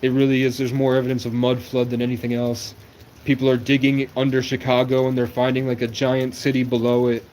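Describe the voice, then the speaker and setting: Man in his 20s, New England, livestreamer; rambling, conspiratorial monologue in a flat delivery. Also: mid-range voice, fairly quick, slight background noise. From New England, USA. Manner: rambling, conspiratorial, jumps between topics.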